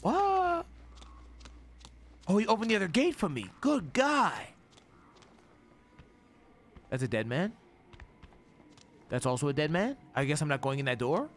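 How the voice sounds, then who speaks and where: A young man streaming a horror game, swearing, talking to his chat as "gang" and dropping to a hushed whisper when scared. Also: on the high side, big pitch swings, measured pace, pauses often, slight background noise. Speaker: gaming streamer. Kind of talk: live horror game commentary. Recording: game music audible behind.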